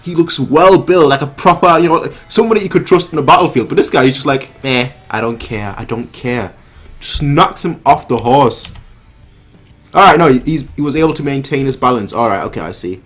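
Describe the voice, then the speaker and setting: A man hosting a manga reaction, reading panels aloud and commenting excitedly, often repeating himself. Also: brisk, husky, faint music behind. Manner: excitable, repeats himself, reads dialogue in a lower voice.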